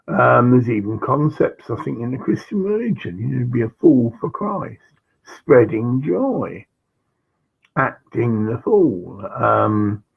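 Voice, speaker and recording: A man's voice: mid-range voice, creaky, breathy edge. A man telling a rambling personal story, with many asides and fillers. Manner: slow, digressive, with frequent fillers and asides. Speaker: vlogger. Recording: dull lo-fi recording.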